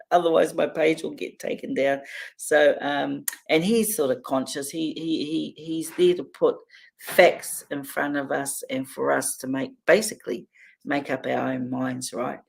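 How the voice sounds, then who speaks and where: Woman low creaky New livestream host. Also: fairly even intonation, unhurried. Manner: chatty, laughs often between remarks. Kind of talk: casual livestream chat reading viewer comments.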